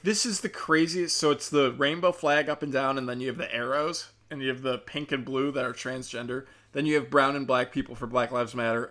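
Brief: male host, sharp bright tone, profane sarcastic rant. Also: mid-range voice. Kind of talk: ranting commentary.

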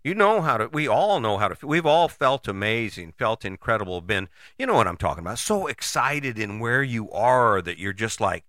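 A man giving a casual motivational talk, conversational and animated, with frequent rhetorical questions and the odd curse word. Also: medium pitch, normal speed, few pauses, dry recording, studio quality. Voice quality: casual, swears freely. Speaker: motivational host. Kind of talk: motivational monologue.

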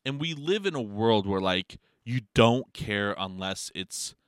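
Animated low-voiced man, rambling and profane. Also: a little slow, clean tone, no room sound, clean studio sound. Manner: profane, heavy filler words, rambling; animated storytelling with laughs. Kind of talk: casual rambling monologue.

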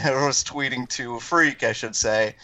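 A man's voice: medium pitch, steady tone, a little slow, sharp tone. Rambling, laughing podcast co-host man. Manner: rambling, reads out tweets, laughs a lot. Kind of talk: casual podcast chat.

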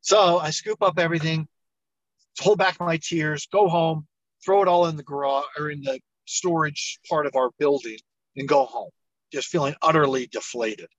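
A middle-aged man, an entrepreneur guest on an interview show, telling his story with lively acted-out dialogue. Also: on the high side, normal speed, no echo, muffled recording. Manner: animated storyteller, acts out quoted dialogue.

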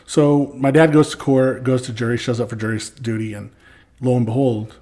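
Male podcast guest, mid-pitched, spins an animated yarn and acts out every quote. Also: brisk. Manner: animated, acts out quoted lines with swearing and laughs. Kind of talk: casual storytelling.

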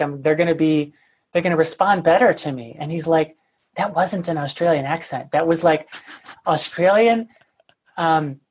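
Husky low-voiced woman telling a candid story. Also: a little mellow. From United States. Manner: candid, self-deprecating, many fillers. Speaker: guest, sales consultant. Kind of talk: casual podcast storytelling.

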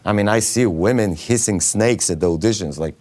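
Eastern European man telling lively stories. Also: lowish voice, fairly quick. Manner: laughs often, acts out voices in anecdotes. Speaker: actor guest. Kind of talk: animated storytelling.

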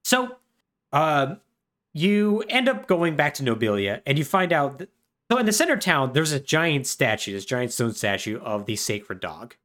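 A man's voice: fairly high pitch, big pitch swings, moderate pace, a bit bright. A man co-hosting a podcast, recapping a game plot in a chatty, wry way with lots of fillers. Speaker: podcast co-host.

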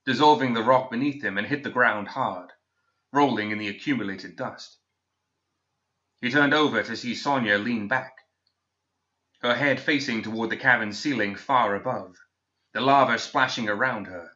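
In a flat, lo-fi recording, a man with a medium-pitched voice steadily reads aloud from a scripted fantasy story, his delivery calm and measured.

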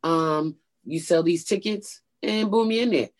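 A woman stand-up comedian tells a story in an interview. She is animated and jumps high in pitch when she acts out quotes. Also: a little slow.

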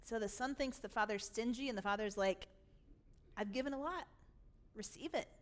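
A woman's voice: fairly high pitch, normal speed. A woman pastor preaching a sermon, acting out the father's words with emphatic, rising force. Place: church sanctuary.

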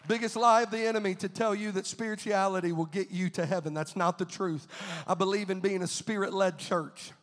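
Fervent high-voiced preacher in a reverberant church. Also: male voice, steady tone, brisk. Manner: fervent preaching, repeating phrases, many filler "uh"s. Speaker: pastor. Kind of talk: sermon.

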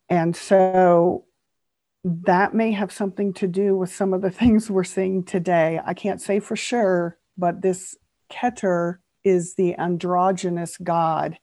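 Slow, mellow-voiced woman author explaining. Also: fairly low pitch, no room sound. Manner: earnest, steady explainer who spells out terms. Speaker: author guest. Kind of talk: explaining esoteric teachings in a podcast interview.

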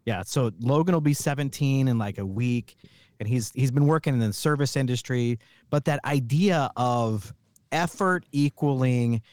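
A man's voice: mid-range voice, moderate pace, no room sound, clean studio sound. A middle-aged man hosting a podcast, chatting casually and telling stories with emphasis. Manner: animated storyteller, emphatic. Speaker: podcast host. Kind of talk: casual chat.

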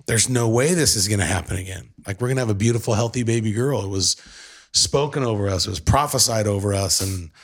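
A man in his thirties with a somewhat low voice shares an emotional personal story. He talks in a casual, run-on way, dropping "like" and "dude" often. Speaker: husband telling a family story.

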